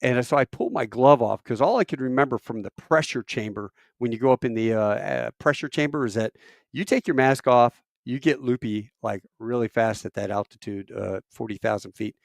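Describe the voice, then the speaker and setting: Middle-aged man, veteran spinning a tall tale: lively, rambling, self-mocking, dry close sound, mid-range voice. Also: fairly quick, vocal fry, dry recording. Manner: animated, acts out quoted voices with big pitch jumps; self-deprecating, rambling with fillers. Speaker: military veteran storyteller. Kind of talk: casual storytelling.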